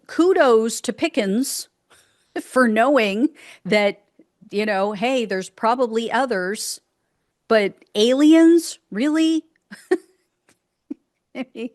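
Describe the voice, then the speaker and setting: A woman's voice: mid-range voice, no echo, studio quality. Indignant, sarcastic woman political commentator. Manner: indignant and sarcastic, breaks into exasperated outbursts.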